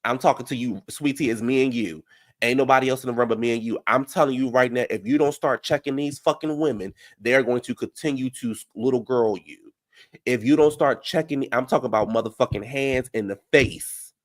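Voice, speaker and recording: A man giving brash, profane reality TV recap commentary, heated and animated. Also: mid-range voice, brisk.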